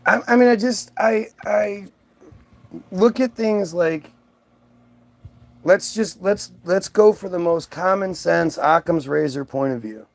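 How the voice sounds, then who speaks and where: A man's voice: high-pitched, slow, gravelly. A man ranting on his own channel in a rambling, profane way, restarting his sentences often. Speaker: vlogger. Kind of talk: ranting monologue.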